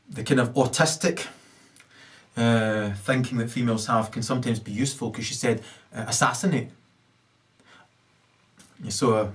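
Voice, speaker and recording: A man in a rambling, ranting monologue, full of hesitations and fillers and with sudden loud rises. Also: mid-range voice, far from the mic. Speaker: video blogger.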